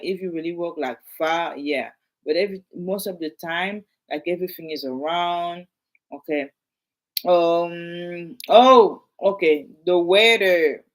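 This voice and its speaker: A woman in her thirties with a French accent, talking straight to her viewers in a casual vlog. She is emphatic and animated, repeating her points and asking the audience questions over and over. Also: lowish voice. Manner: animated, repetitive, emphatic, addresses viewers directly. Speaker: realtor. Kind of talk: casual vlog talk to camera.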